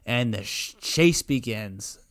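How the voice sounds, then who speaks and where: A man's voice: medium pitch, animated, takes it slowly, fairly bright tone, no echo. A young man co-hosting a podcast, rambling through a movie recap with filler words. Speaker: podcast co-host. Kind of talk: casual chat.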